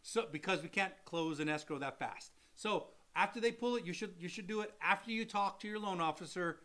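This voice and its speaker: A man in a casual live Q&A, explaining loans with a high, bright voice. He acts out little examples and repeats phrases for emphasis. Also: fairly quick. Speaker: mortgage loan officer co-hosting a live show.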